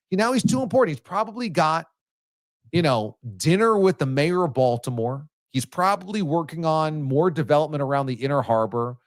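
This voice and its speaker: A male sports radio host telling stories casually, animated and teasing, with sudden jumps in his voice. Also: fairly high pitch, dry recording, studio quality. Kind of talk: casual storytelling on a sports talk show.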